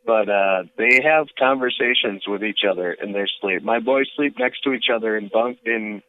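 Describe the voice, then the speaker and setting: A man co-hosting a podcast by phone, chatting easily in short, relaxed turns. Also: on the low side, moderate pace. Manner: brief, easygoing reactions and anecdotes. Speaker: podcast co-host. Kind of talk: casual chat. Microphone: calling in by phone. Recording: tinny phone line.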